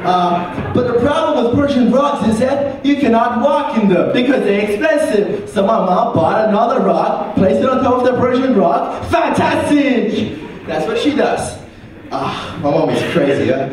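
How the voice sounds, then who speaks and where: A young man tells a stand-up set with a high, very lively voice that swings wide in pitch. The sound is roomy and heavily echoed, picked up from some distance with faint ambient noise behind it. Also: unhurried. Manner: animated, jumps into loud put-on voices for family and friends. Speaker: stand-up comedian. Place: university comedy night venue. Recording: roomy hall, mic heard from a distance.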